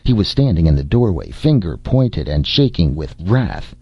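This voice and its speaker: Deep, husky male audiobook narrator. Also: big pitch swings, moderate pace, dry recording. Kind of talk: scripted narration. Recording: dull, dry lo-fi recording.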